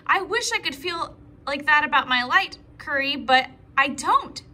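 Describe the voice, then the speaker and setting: A woman voicing a shy young female firefly, exclaiming in a high storybook voice. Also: lively intonation, measured pace, bright, forceful tone, heavily acted. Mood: upset. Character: shy young female firefly, touchy about her light.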